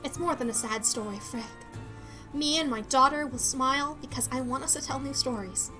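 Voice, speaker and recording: A woman voicing a gentle, grieving mother who speaks softly and earnestly. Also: high-pitched, normal speed, over music, close to an everyday voice. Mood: tender.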